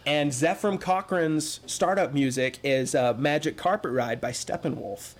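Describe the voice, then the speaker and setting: A man's voice: fairly high pitch, a little slow. A man hosting a casual fan chat, joking around and talking with enthusiasm. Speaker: host.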